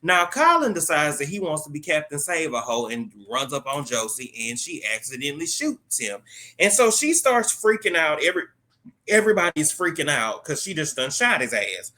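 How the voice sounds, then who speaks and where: A man's voice: a little high, big pitch swings, moderate pace, bright, forceful tone. A man hosting his own channel, casually recapping a TV episode in a slangy, joking way as he retells the plot's dialogue.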